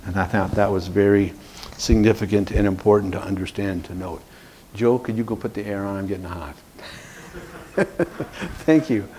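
A man's voice: lowish voice, moderate pace, long pauses, dark tone, slight background noise. A man teaching an evangelism class, earnest and repeating key words for emphasis. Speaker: evangelism trainer.

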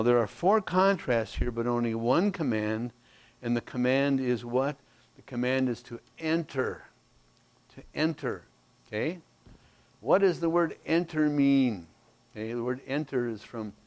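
A man preaching, in a voice of ordinary pitch. He drives his points home with repeated paired phrases, then sinks to a soft, low delivery. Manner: emphatic contrasting repetition, drops to quiet. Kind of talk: sermon.

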